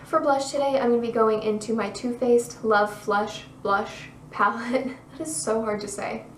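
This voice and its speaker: A young woman talking through a makeup tutorial in a chatty, bubbly way, her voice a little hoarse. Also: on the high side, fairly even intonation, moderate pace, echoey room, far from the mic, a little hiss or hum, low-quality recording. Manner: chatty, bubbly, self-deprecating asides. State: losing her voice, slightly hoarse. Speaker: beauty vlogger.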